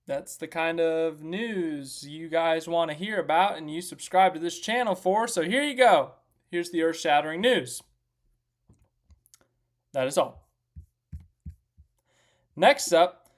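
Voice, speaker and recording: A young man hosting a casual live stream, chatting and joking as he recaps racing and greets viewers by name. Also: on the high side. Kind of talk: casual motorsport recap chat.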